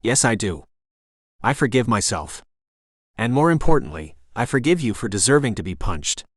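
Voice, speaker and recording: A man's voice: mid-range voice, big pitch swings, normal speed, no echo, clean studio sound. A man voicing a blunt, resolute adult man in an audiobook romance, speaking firmly and directly. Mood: earnest. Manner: firm and direct. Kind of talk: audiobook character voice.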